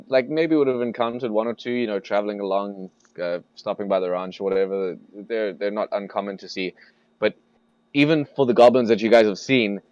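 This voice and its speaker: A man narrating as game master in a relaxed, hesitant way with many fillers. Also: fairly low pitch, clean tone, dry recording, lo-fi sound.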